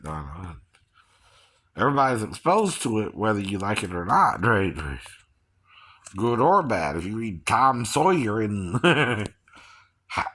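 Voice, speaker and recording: A man from Georgia muses aloud in a loose, unhurried monologue. His voice is bright and his pitch swings widely as he chuckles and keeps checking in with "right, right." He talks slowly and takes his time. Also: slightly rough. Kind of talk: rambling casual monologue.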